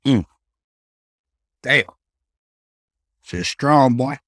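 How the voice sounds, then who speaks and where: Animated young man on a solo podcast. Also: medium pitch, drawn-out words, no echo, clean studio sound. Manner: animated, profane, slangy storytelling. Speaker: podcast host. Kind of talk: casual solo podcast storytelling.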